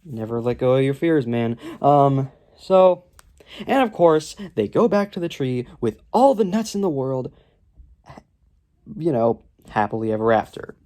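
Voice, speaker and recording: Male vlog reviewer, sarcastic and rambling, with a lively, up-and-down pitch, recorded on a camera propped on his legs. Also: a little slow. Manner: rambling, sarcastic, many ums. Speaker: film reviewer. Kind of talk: casual film review.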